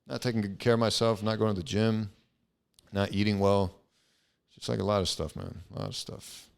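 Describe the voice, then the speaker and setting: A man's voice: fairly low pitch, steady tone, fairly quick, gravelly, clear, resonant tone. A young man hosting a casual solo podcast, rambling and swearing with lots of fillers. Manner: rambling, profane, frequent fillers. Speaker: podcast host.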